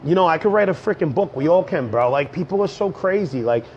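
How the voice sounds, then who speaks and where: A man in his thirties riffs casually on a livestream, joking and repeating himself. He is getting over a cold. His voice sits a little high, and the audio is dull and lo-fi with a faint hiss. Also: expressive, fast talker, hardly any pauses. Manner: loose, joking, repeats "bro" a lot, breaks into rap. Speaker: livestream host and rapper. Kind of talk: casual livestream chat to viewers.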